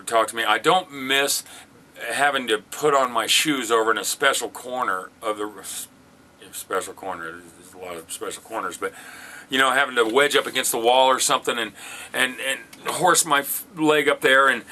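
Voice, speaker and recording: Bright-voiced older man, rambling and wry. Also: mid-range voice, moderate pace. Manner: rambling, self-deprecating, many fillers and restarts. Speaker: vlogger sharing weight-loss experience. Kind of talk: casual personal monologue. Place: military base in Afghanistan.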